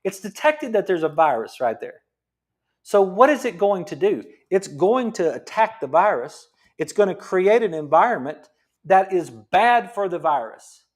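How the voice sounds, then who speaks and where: A middle-aged man with a drawl gives a health talk as a chiropractor. His voice sits high for a man and swings up and down with energy. He talks in a fired-up, preachy way, firing off rhetorical questions. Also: sing-song, measured pace.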